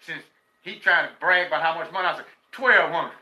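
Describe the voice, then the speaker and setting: A man's voice: a little high, a little fast, sharp tone, echoey room, dull audio. Profane older man telling stories. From Texas. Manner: profane, laughing storyteller. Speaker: guest, former prisoner. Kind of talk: casual storytelling.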